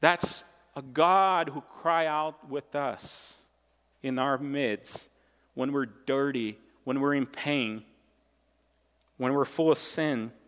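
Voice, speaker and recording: A man's voice: medium pitch, slow, a bit bright. A male pastor delivering a sermon with emphatic, repeated phrases. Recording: long reverb of a large hall.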